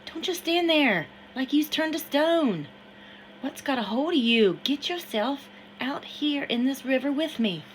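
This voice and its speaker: A woman voicing an excitable runaway man who hollers and hoots in dialect. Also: sits high, a little slow, slight background noise, voice pushed up. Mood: hollering wild. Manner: loud, hollering, dialect speech.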